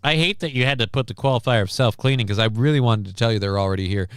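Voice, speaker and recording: A man's voice: medium pitch, fast talker, clear, resonant tone, no room sound. A man hosting a casual live stream, rambling and wry with crude asides, reading out and thanking viewers. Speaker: stream host.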